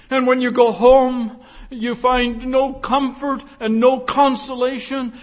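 A man preaching a sermon in a noticeably high voice. He takes his time, leaning on long pauses, and moves between quiet, probing questions and fervent, emphatic appeals. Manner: rhetorical questions, swelling from hushed to fervent. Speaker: pastor.

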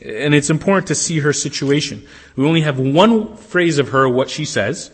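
Animated husky preacher in a hall. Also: male voice, fairly high pitch, moderate pace. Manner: animated preacher, acts out characters with raised voice. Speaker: pastor. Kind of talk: sermon. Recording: long hall reverb.

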